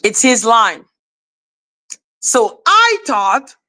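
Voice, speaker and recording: High bright-voiced woman telling a story. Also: slow. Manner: animated, laughing, profane, breaks into shouts. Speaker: host. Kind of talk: casual livestream storytelling.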